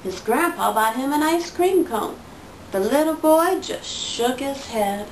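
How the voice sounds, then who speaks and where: A woman reading a picture book aloud to her toddler in a slow, sing-song storytelling voice. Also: sits high, expressive, recorded from a distance. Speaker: parent reading to her child. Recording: roomy sound from away from the mic, faint noise.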